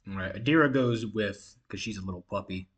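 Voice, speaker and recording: A man's voice: lowish voice, a little fast, husky. A man narrating a tabletop game as game master, casual and giggly with many fillers.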